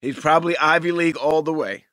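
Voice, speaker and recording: A man co-hosting a podcast in casual chat, loud and animated, laughing often. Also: on the high side, fast talker, no echo, clean studio sound. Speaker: podcast co-host.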